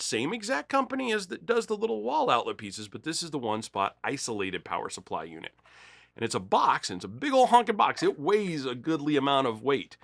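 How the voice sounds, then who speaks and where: Animated male guitar-gear host. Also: no echo. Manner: animated storyteller, acts out quoted dialogue with big pitch jumps. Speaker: music store host demonstrating guitar gear. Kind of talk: casual storytelling and gear demo.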